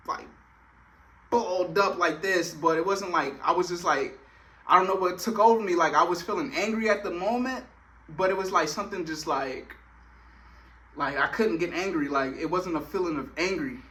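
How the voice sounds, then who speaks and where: A man's voice: high-pitched, bright, forceful tone. A young man telling a personal story in a casual, slangy way, full of filler phrases.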